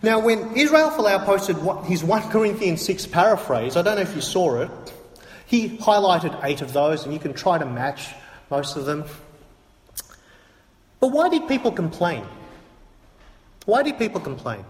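A man's voice: high voice, lively intonation, normal speed. A man preaching a sermon to a congregation, emphatic and repetitive, asking rhetorical questions. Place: church hall. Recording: echoey hall from a distance.

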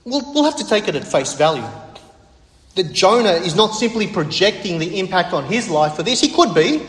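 Earnest preacher in an echoey hall. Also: male voice, high-pitched, sing-song, normal speed. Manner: earnest, emphatic preaching with repetitions. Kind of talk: sermon. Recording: echoey hall with long reverb.

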